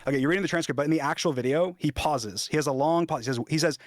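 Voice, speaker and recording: A man's voice: a little high, racing, no echo, clean studio sound. A young man talking in a casual debate on stream, hesitant, restarting his sentences and using many fillers.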